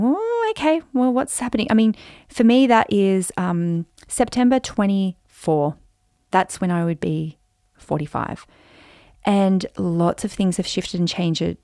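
A woman in her forties hosting a podcast, telling a personal story in an animated, chatty way with lots of fillers. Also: lowish voice, creaky, no room sound, studio quality. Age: 40s. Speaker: podcast host.

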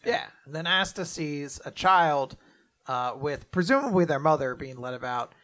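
A man co-hosting a casual manga discussion, retelling chapters loosely with profanity and quick character voices. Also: a little high, expressive, a bit bright. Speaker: podcast co-host. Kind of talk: casual manga recap chat.

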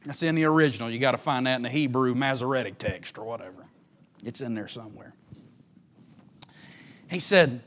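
A man's voice: mid-range voice, a little fast, pauses often, a bit bright. A man preaching a sermon, folksy and repetitive, often restarting his words.

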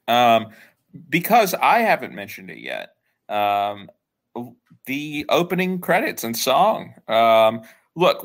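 A man hosting a casual film podcast, talking in a relaxed, chatty way with many fillers. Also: on the low side. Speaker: podcast host.

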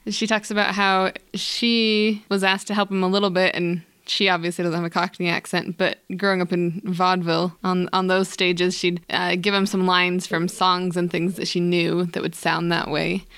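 A woman co-hosting a podcast in casual chat, enthusiastic and quick to laugh. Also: on the low side, flat delivery, fairly bright tone, smooth, no echo, clean studio sound. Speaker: podcast co-host.

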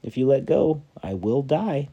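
A desperate stranger hangs from a rope and begs in a raised, husky voice that never lets up, as a man puts him on. The tone is dark and mellow under the strain, pleading and insistent. It belongs to a spoken storybook parable. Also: a little high, sing-song, normal speed, highs cut off, pitched above the performer's own voice, exaggerated voice.

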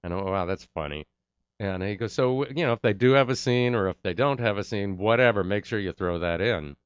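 A man's voice: on the low side, a little fast, smooth, no room sound, highs cut off. A middle-aged man telling a casual story about his acting career, acting out the voices of the people he quotes.

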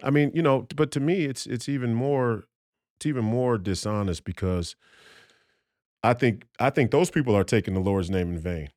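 A man's voice: medium pitch, moderate pace, a little mellow, no echo, studio quality. A man talking as a podcast guest in a heated, profane rant, emphatic and combative, often restarting his sentences.

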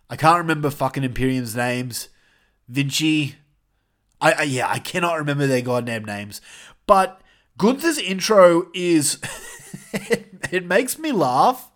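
A man's voice: a little high, a bit bright. A man hosting a casual review podcast, talking bluntly with plenty of swearing and rambling asides. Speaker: podcast host.

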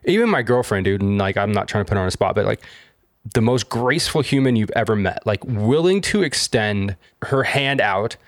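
A young man co-hosting a casual podcast, animated and exasperated, swearing freely. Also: fairly low pitch, normal speed, dry recording, studio quality. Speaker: podcast co-host. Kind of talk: casual chat.

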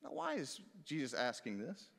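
A man's voice: medium pitch, huge pitch swings, moderate pace, gravelly, a bit bright. A man preaching a sermon as a pastor, in a folksy, conversational way, breaking into acted-out quotes. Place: church sanctuary. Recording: long reverb of a church hall.

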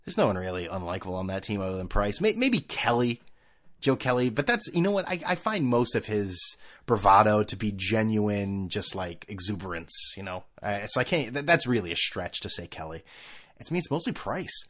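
A middle-aged man hosting a casual sports rant, animated and laughing, often mimicking people in funny voices. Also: lowish voice, a little fast.

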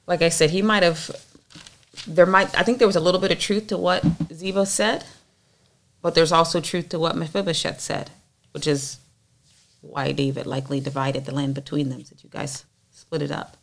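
A woman's voice: sits low, steady tone, normal speed, vocal fry. A woman reading scripture aloud and then discussing it casually, thinking aloud with fillers. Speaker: Bible study reader and discussion leader.

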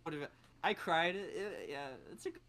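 A man's voice: a little high, moderate pace, crowd noise. A man talking on a video call with bad internet, hesitant and stammering. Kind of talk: casual chat. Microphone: video call from a house with bad internet.

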